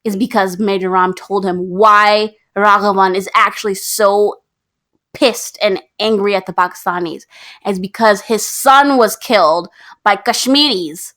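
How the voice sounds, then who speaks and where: A woman's voice: mid-range voice, a little slow. A young woman co-hosting a podcast, casually recapping a film and acting out the characters' lines as she goes. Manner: animated storytelling, acts out characters' lines. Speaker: podcast co-host. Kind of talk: casual movie recap chat.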